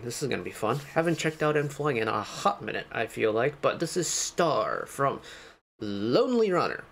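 A man reacts to songs in a relaxed, casual commentary. He gushes with enthusiasm, dwelling on vocal details. His voice sits at an ordinary, middle pitch. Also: moderate pace, vocal fry, slight background noise. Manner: enthusiastic, gushing about vocal technique. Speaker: music reaction host.

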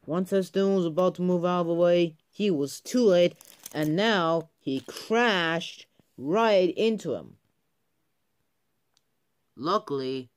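A man narrating a homemade train story, halting often and restarting his sentences. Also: fairly high pitch, clear, resonant tone. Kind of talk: improvised toy-train storytelling.

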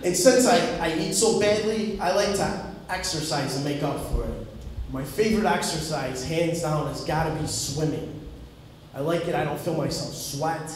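A man's voice: on the high side, moderate pace, distant mic, slight background noise. A man doing a stand-up comedy set, punchy storytelling with acted-out dialogue. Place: comedy club stage before an audience. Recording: very echoey live club recording.

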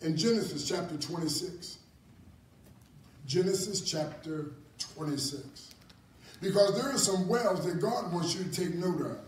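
A man preaching a Bible class in a church hall, animated and repetitive, often chuckling. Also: high voice, a little slow. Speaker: apostle teaching a ministry class. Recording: echoey hall from far off, faint noise.

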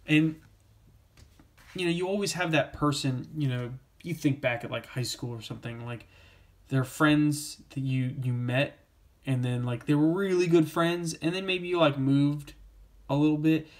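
A man's voice: a little high, moderate pace. A man giving a casual comic book review, rambling with many fillers and restarts.

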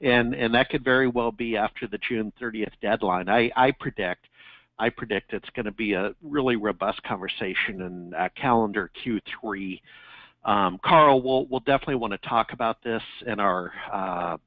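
A man's voice: lowish voice, normal speed, no echo. A man hosting a webinar in a casual way, often repeating his first words before going on. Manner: repeats words at starts, upbeat plugs. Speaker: webinar host. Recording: dry tinny phone-line sound.

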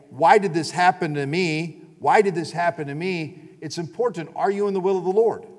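A man's voice: on the high side, darkish tone. A man preaching a sermon as pastor, emphatic, often repeating phrases and calling on the congregation to answer. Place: church sanctuary. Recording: long reverb of a church hall.

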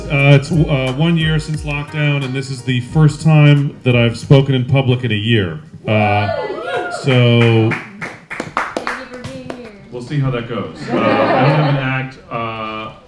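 Male comic, dry halting opener, average pitch, music under the set. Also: very animated. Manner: hesitant, dry opening with fillers. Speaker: stand-up comedian. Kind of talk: stand-up set.

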